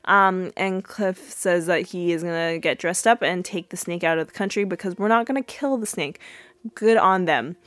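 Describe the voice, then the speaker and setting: A woman recaps a sitcom episode in loose, chatty talk full of "like" and "you know". Her voice sits on the lower side, and the recording is close and dry, with no room around it. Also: normal speed, no echo. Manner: chatty, many fillers, acts out quotes in a high squeal. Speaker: podcast host.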